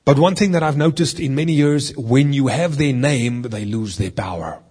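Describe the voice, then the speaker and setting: Husky-voiced man preaching earnestly. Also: medium pitch, moderate pace, a little mellow. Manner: earnest, conversational teaching mixed with scripture reading. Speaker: deliverance minister. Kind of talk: teaching sermon.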